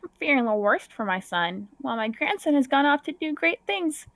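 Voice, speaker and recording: A woman's voice: high-pitched, very animated, brisk, a bit bright, no echo, full character voice. Woman playing a Wisconsin granny: kindly, doting, old-fashioned, lilting, dry close mic. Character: kindly elderly mother, sweet and fussy.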